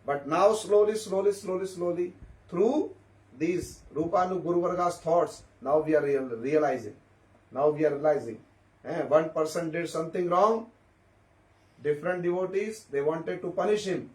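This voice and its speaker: A man with a high voice tells stories at a devotee gathering, repeating himself and asking the listeners questions along the way. He sounds a little far from the microphone, and the room around him echoes. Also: moderate pace. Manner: repetitive, questioning listeners, storytelling. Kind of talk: informal spiritual talk. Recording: echoey room, mic at a distance.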